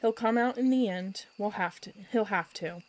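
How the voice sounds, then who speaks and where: A woman's voice: medium pitch, moderate pace, close to an everyday voice. Lady playing a mean skinny farmer from a storybook, sneering and threatening. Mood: spiteful. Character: tall skinny spiteful male farmer.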